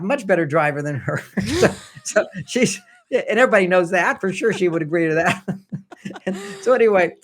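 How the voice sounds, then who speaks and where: An older man speaking as a podcast guest, his voice sitting a little higher than most men's. He tells relationship stories in a loose, chatty way and acts out what each person in them said. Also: a bit bright. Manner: anecdotal, acts out quoted dialogue. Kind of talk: conversational storytelling.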